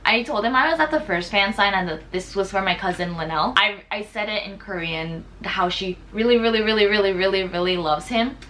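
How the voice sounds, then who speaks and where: Bright, chatty young woman vlogger. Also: medium pitch, brisk, few pauses. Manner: chatty and excitable, lots of "like". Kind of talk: casual storytime vlog.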